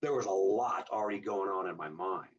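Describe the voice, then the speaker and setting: Husky-voiced man in his fifties telling stories. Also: low voice, a little fast. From Southern California. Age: 50s. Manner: animated storyteller who acts out quoted dialogue in a raised voice. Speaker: guest, hot rod builder. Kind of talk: casual interview storytelling. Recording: slightly distant, dull lo-fi sound.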